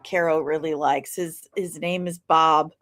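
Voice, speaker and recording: A woman hosting a podcast, chatting in a quick, excitable way and laughing often. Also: low voice. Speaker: podcast host. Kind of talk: casual podcast chat.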